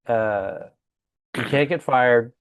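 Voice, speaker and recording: A man co-hosting a comedy podcast, chatting casually and chiming in with quick agreement and jokes. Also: mid-range voice, clear, resonant tone. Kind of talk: casual chat.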